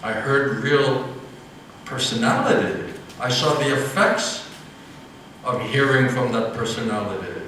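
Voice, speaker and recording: A man, a monk, telling a story in an animated, laughing way during an evening class. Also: medium pitch, a little slow, slight background noise. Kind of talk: storytelling sermon. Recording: echoey hall, mic at a distance.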